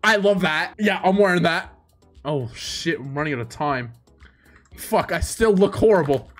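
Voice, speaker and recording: A young man giving casual, profane gaming commentary in an excitable way, breaking into loud laughter. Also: a little high, measured pace, faint music behind. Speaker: streamer.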